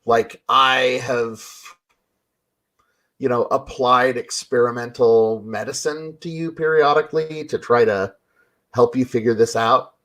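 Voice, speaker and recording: A man's voice: mid-range voice, steady tone, a little slow, fairly bright tone. A man talking as a player at a tabletop game, hesitant and searching for words with many fillers.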